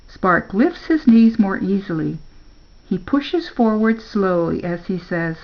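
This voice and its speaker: An older woman, a grandmother, reading a children's story aloud in a slow, gentle storybook manner. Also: mid-range voice, lively intonation, highs cut off.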